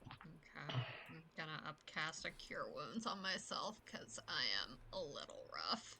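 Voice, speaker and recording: A woman's voice: deep voice, expressive, measured pace, creaky, noisy background. A woman playing in a tabletop game, chatting casually about her character's moves and laughing easily. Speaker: player.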